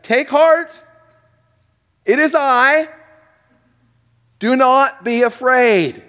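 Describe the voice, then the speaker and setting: A man preaching who voices a commanding divine teacher as he calms terrified men, with emphatic, forceful commands. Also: extremely high pitch, drawn-out words, in a large hall, pitched above the performer's own voice, heavily acted.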